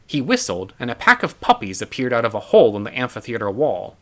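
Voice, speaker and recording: A man reading his own novel aloud in an expressive first-person narration. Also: medium pitch, fast talker. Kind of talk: audiobook narration.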